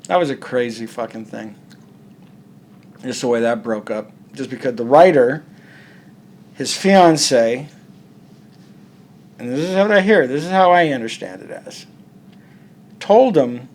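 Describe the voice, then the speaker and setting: A man's voice: medium pitch, lively intonation, unhurried, long pauses, slight background noise. A man, a comic artist, talking bluntly and profanely in a casual interview, acting out quoted dialogue.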